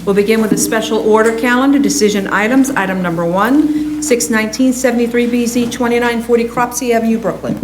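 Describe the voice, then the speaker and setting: A fairly high-voiced woman reads out agenda items and calls a roll-call vote in a formal, measured manner. Her voice rings in an echoey hearing room with faint background noise. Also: fairly even intonation. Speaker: hearing clerk calling items and votes. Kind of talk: formal procedural announcements. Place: public hearing hall.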